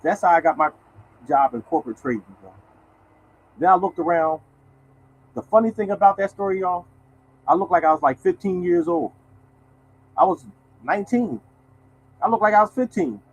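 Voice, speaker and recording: Chatty older male storyteller, sixties, slang-heavy, a bit high-pitched. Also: moderate pace, pauses often, a little hiss or hum, low-quality recording. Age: 60s. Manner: animated, colloquial, addresses viewers as y'all. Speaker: show host telling a story. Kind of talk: casual storytelling to viewers.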